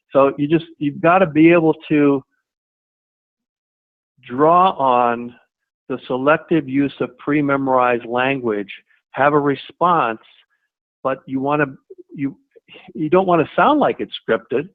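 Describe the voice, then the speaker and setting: Male sales trainer, mid-pitched, conversational webinar delivery with restarts, heard through a tinny phone-like line. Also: normal speed. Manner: conversational, repeats words and restarts, models short replies. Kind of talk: webinar presentation. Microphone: webinar audio line.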